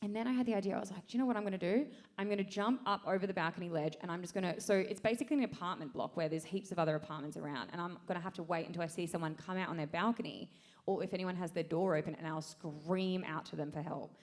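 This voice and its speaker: A woman's voice: on the low side, rapid-fire. A young woman telling a comic story on a live stage, acting out her own quotes with lots of energy. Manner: animated, acts out quotes, laughs through story.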